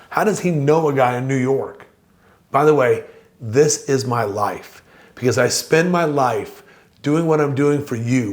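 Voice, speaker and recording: A middle-aged man presenting a course lesson, telling a personal story with lively acted-out dialogue. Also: medium pitch. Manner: animated storyteller, acts out dialogue.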